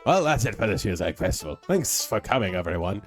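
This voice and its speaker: A man voicing an older, folksy male town mayor who speaks in a slow, hearty announcer manner. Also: fairly low pitch, sing-song, soft background music.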